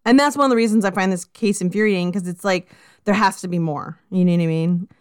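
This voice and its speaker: A woman's voice: medium pitch, fast talker, clear, resonant tone, dry recording, studio quality. A woman co-hosting a casual true-crime podcast, blunt and exasperated, who says like and you know a lot. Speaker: podcast co-host.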